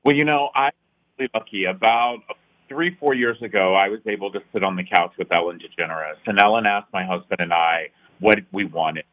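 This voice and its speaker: A man's voice: low voice, brisk. A middle-aged man, a nonprofit founder, telling his story in an interview with earnest, emphatic passion. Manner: earnest, emphatic, building to rousing peaks. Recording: tinny phone-like line.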